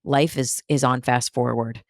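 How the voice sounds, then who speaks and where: A woman's voice: rumbling low, fairly even intonation, unhurried, no echo, clean studio sound. A woman hosting a spiritual podcast, giving an emphatic, repetitive motivational talk with blunt swearing and humor. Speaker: spiritual medium and podcast host.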